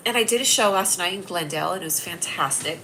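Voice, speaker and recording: A woman's voice: on the low side, fast, bright, forceful tone, a little hiss or hum, low-quality recording. A woman hosting a casual livestream, rambling and teasing her viewers, with a stuffy nasal voice. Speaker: livestream host.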